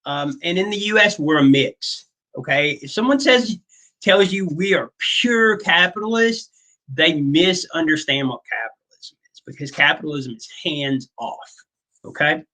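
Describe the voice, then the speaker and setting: A man's voice: a little high, a little slow, bright, forceful tone, low-quality recording. A male teacher giving a casual classroom lecture, chatty and full of fillers, often checking in with "okay?".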